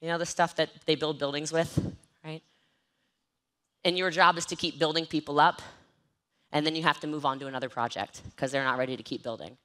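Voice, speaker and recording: Bright, energetic woman speaking on stage. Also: sits low, a little fast, pauses often. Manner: energetic, joking, self-mocking. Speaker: network marketing trainer. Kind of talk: motivational stage talk. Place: event stage with live and online audience.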